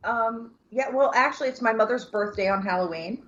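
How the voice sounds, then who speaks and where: A woman co-hosting a casual podcast chat, talking bluntly and calmly. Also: a little high, a little fast, dull audio. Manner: blunt and calming. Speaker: podcast co-host.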